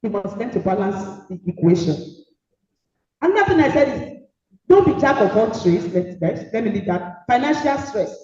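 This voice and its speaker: A middle-aged woman with a Nigerian accent giving an emphatic, preachy motivational speech, repeating maxims and sometimes shouting. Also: medium pitch, very animated, normal speed. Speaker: guest speaker. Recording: echoey hall, distant dull mic.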